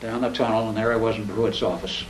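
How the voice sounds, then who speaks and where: An older man talks in a low, folksy storytelling voice, plain-spoken and unhurried in his phrasing. He is picked up from well back, so the room rings around him and a faint hiss sits under it all. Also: steady tone. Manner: plain-spoken, folksy, mimics others in quotes. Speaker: speaker. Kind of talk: storytelling talk to an audience. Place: presentation room. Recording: echoey room, distant mic, faint noise.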